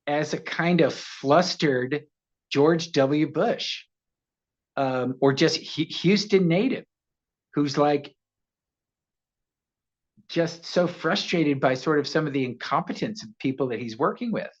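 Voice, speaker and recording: Man, 60s, guest storyteller; animated, laughs a lot, acts out voices; slightly muffled audio. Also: fairly high pitch, takes it slowly, long pauses. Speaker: actor guest. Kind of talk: casual interview storytelling.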